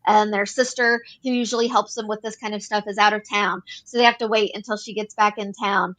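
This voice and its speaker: A woman's voice: medium pitch, fairly bright tone. A woman co-hosting an advocacy talk show, explaining policy earnestly and repeating phrases as she works through points. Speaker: podcast co-host. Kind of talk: advocacy discussion.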